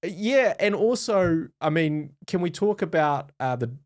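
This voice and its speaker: A man with a fairly high-pitched voice co-hosts a podcast in casual chat. He's animated, quick to laugh, and often restarts his sentences.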